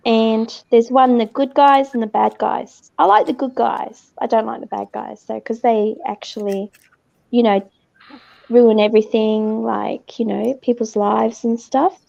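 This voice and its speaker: A woman's voice: a little high, fairly even intonation, unhurried, vocal fry, a little mellow, highs cut off. A woman chatting casually on a livestream, giggly and hesitant, full of fillers.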